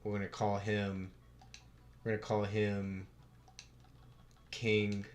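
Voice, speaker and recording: Chill young western american dude streaming, cusses a lot, kinda low voice, some music in the back. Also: male voice, completely flat delivery, slow. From United States. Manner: laid-back, swears casually, chuckles often. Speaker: livestream host. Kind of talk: casual livestream chat.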